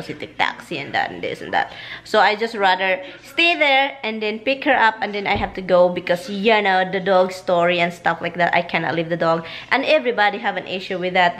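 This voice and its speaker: A woman's voice: mid-range voice, fairly bright tone, slight background noise. A woman from the Philippines with a Filipino accent, chatting casually to the camera in a vlog, switching languages and laughing as she tells stories from home. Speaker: vlogger. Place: at home, then in a car.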